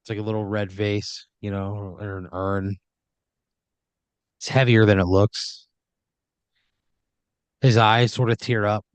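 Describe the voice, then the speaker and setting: A man's voice: lowish voice, flat delivery, takes it slowly, long pauses, smooth, no room sound, muffled recording. A man narrating an improvised comedy scenario in a loose, rambling way. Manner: rambling, loose narration with fillers, puts on voices for characters. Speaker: host.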